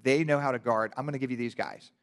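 A male pastor preaching a sermon, telling the story animatedly and building to loud, passionate emphasis. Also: medium pitch, fast talker. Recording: long hall reverb.

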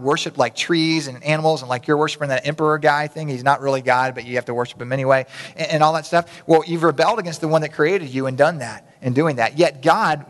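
In a reverberant hall, a pastor preaches a sermon in a conversational, folksy way, tossing asides to the congregation. His voice sits a little high and has a fairly bright tone.

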